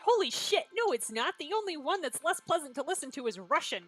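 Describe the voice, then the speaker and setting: A woman's voice: high-pitched, very animated, fairly quick, a bit bright, faint music behind. A woman streaming a story game, reacting in blunt, sarcastic commentary and swearing freely.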